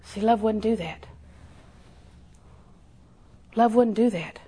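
An older woman preaching a sermon in a folksy, storytelling way, with slow emphatic repetition. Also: a little high, warm tone, breathy edge.

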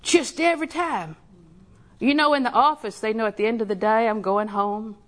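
An older woman preaching a sermon in a folksy, storytelling way, with slow emphatic repetition. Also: a little high, fairly bright tone.

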